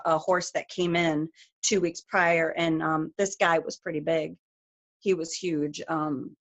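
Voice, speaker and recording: A middle-aged woman, a guest speaker, telling a personal story on a group call in a rapid, emotional way with lots of fillers. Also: fairly low pitch, fairly bright tone.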